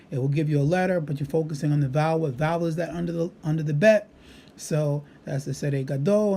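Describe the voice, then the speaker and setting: A man's voice: on the high side, warm tone. A middle-aged man, a Hebrew teacher, patiently walking through a vocabulary app demonstration with frequent "uh" fillers. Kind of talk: screen-recorded app demonstration lesson.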